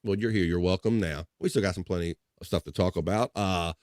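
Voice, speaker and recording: A man's voice: deep voice, fairly quick, darkish tone, no room sound, clean studio sound. A man hosting a casual live stream, reading viewer comments aloud in a laid-back way and laughing often.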